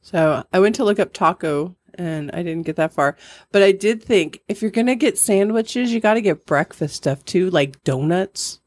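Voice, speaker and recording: A woman's voice: fairly low pitch, expressive, moderate pace, no room sound. A middle-aged woman co-hosting a podcast in casual chat, rambling and laughing often. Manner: chatty, giggly, rambling. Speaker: podcast co-host.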